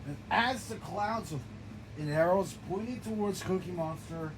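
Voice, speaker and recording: A man improvising a game narration in an excitable, stumbling way, often restarting his phrases. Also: sits high, measured pace. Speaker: gameplay narrator. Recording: noisy background.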